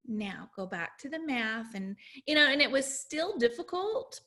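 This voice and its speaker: A woman in her forties sharing a faith-filled testimonial as an essential oils educator, telling her stories in an animated, exclamatory way. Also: on the high side.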